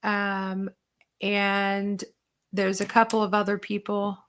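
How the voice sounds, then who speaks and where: A woman's voice: medium pitch, completely flat delivery, takes it slowly, a bit bright, clear, resonant tone. A woman hosting a casual online chat, answering viewer questions in a chatty, rambling way with lots of fillers. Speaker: host and diet coach.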